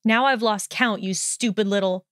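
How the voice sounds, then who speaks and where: A woman's voice: medium pitch, moderate pace, a bit bright, dry recording, studio quality, natural voice. A woman voicing a hot-tempered young male wizard in a storybook reading, snarling and sneering. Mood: scornful.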